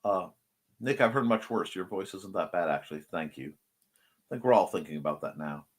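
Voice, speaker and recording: A man with a low, husky voice and moderate pace hosts a creative morning show as a casual live stream. He reads viewer comments aloud playfully.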